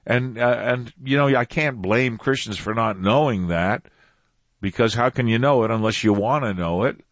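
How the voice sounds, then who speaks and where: A man's voice: medium pitch, normal speed, no room sound. A man teaching a Bible passage in a conversational way, repeating phrases for emphasis. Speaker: preacher.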